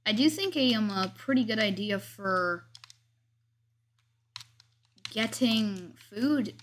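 Here a woman of medium pitch narrates her gameplay slowly, chatting about each move and poking fun at herself as the host. Slight background noise is audible.

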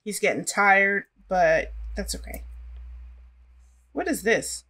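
A woman's voice: mid-range voice, expressive, slow pace, sharp tone. A woman casually commenting on her life-simulation gameplay and chatting to her characters as she plays. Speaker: gaming channel host.

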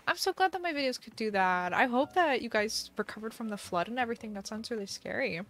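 Over soft music, a young woman streams a casual chat, her slightly high voice fast and lively in intonation. Chatty and giggly, she reads out messages from her viewers.

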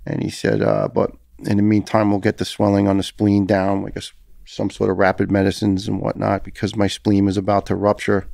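A middle-aged man with a New York accent tells a hard personal story as a podcast guest. His voice is low and gravelly, and it stays fairly flat in pitch. It is recorded dry and close. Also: brisk, no room sound. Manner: earnest, emotional retelling with repeated restarts. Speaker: guest, former firefighter.

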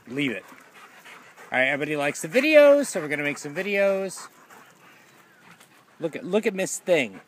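A man filming his dogs for a casual video, switching between loud scolding and doting baby talk, with some casual swearing. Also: on the high side, sing-song, normal speed, slight background noise. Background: dogs in the background.

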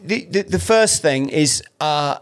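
A man in his fifties from South-East London with an English accent, a podcast guest telling his story in a rambling, animated way with lots of restarts and swearing. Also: fairly high pitch, takes it slowly. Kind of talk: casual storytelling.

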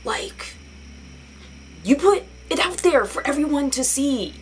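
A woman's voice: sits high, lively intonation, slow pace, slight background noise, rough recording. A young woman ranting in a casual vlog, sarcastic and profane, slipping into mocking voices. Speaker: vlogger.

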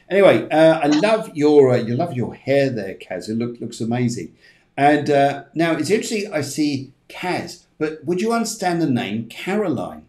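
A man hosts a live spiritual reading show, passing on messages in a chatty, reassuring manner. His voice sits at a middle pitch. The room around him is roomy and echoey. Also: a little mellow. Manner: chatty, reassuring, gives readings in quick runs. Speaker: psychic medium host.

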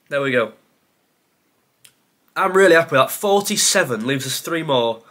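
A man's voice: fairly high pitch, lively intonation, a little slow, long pauses, fairly bright tone. A man who creates football content, thinking aloud to himself during a timed quiz, muttering and sighing with self-deprecating asides.

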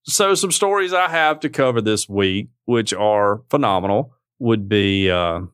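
A man's voice: lowish voice, expressive, a little slow, fairly bright tone, clear, resonant tone, dry recording. A man co-hosting a casual podcast chat, joking and chuckling through his remarks into a close mic. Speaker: podcast co-host.

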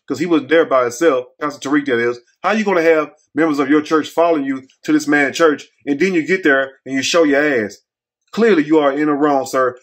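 A man hosting a commentary vlog, talking in a folksy, scolding, preachy way. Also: fairly high pitch. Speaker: host.

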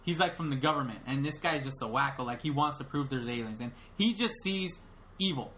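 A man's voice: mid-range voice, lively intonation, a little fast, a bit bright, slight background noise. A young man co-hosting a podcast, retelling a film in casual chat, rambling with lots of fillers and restarts. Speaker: podcast co-host.

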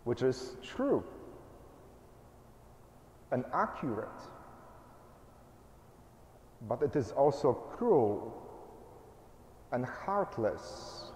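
A male pastor giving a sermon in a measured way, in short phrases. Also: mid-range voice, sing-song, a little mellow, roomy sound, long reverb tail, a little hiss or hum.

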